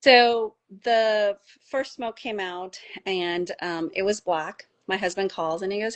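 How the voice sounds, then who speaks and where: A middle-aged woman from the United States, a doctor telling a personal story in casual conversation, animated and rising high when she gets emotional. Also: a little slow, few pauses. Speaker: doctor and podcast guest.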